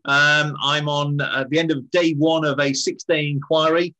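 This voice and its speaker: Bright-toned man telling a wry story. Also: on the high side, little pitch movement, normal speed, rough recording. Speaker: regular panelist. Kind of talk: casual anecdotal chat over a video call. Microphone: video call.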